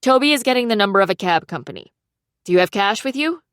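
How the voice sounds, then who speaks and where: A woman voicing a practical young woman friend who talks briskly and takes charge, in an audiobook. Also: medium pitch, smooth, no room sound, studio quality, pitched above the performer's own voice, natural voice. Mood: urgent, practical. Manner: brisk, steady, taking charge.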